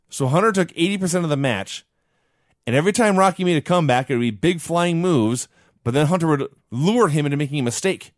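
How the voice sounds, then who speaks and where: A man with a fairly high, very lively voice walks through an old wrestling broadcast in casual podcast chat. His delivery is wry and animated. The sound is dry and close to the mic. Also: no echo. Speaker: podcast co-host.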